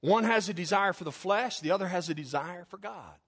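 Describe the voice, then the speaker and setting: A man pastor preaching a sermon in a church, shifting between loud exclamations and soft asides as he tells stories. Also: high-pitched, lively intonation, fairly quick. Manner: storytelling, swings from loud to soft.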